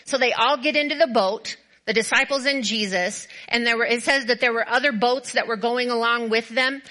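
Bright, high-voiced woman pastor preaching. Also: normal speed, low-quality recording. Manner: animated storytelling, acts out quoted voices; repetitive emphatic build-ups. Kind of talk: sermon.

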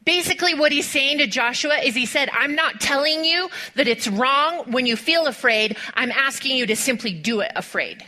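A woman preaching a sermon in a bright, ringing voice that sits a little high. She tells stories with animated rhetorical questions and turns to speak straight to her congregation. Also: normal speed, hardly any pauses. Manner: addresses the congregation directly.

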